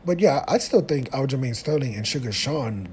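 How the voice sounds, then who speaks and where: A man of middle pitch talks loosely on his own, circling back and restarting his sentences as he goes. A faint noise sits under the recording. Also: expressive, moderate pace, a little mellow. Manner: rambling, many fillers and restarts. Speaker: YouTube commentator. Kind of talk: casual solo commentary.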